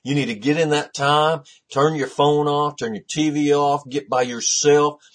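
A man's voice: a little high, fairly even intonation, normal speed. A middle-aged male pastor preaching a sermon, building intensity with pointed rhetorical questions.

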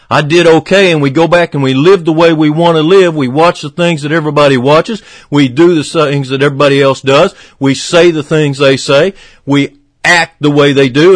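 A man preaching a fervent radio sermon, swinging from emphatic peaks to hushed, low passages. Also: dry recording.

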